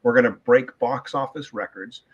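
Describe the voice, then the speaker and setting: A man's voice: medium pitch, normal speed, lo-fi sound. A middle-aged man talking as a guest author in a casual podcast interview, emphatic and opinionated, repeating words for stress.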